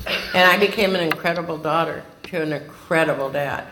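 A woman from California sharing a personal recovery story with a group, dramatic and lively, acting out the voices she quotes. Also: sits low, brisk. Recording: echoey room with background noise.

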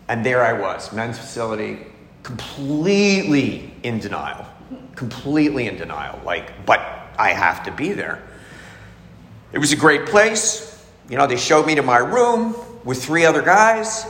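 A man's voice: medium pitch, big pitch swings, slow pace, pauses often, fairly bright tone. A man giving a candid, emotional personal testimony, acting out the voices of people in his story. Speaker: speaker sharing a recovery story. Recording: echoey hall, faint ambience.

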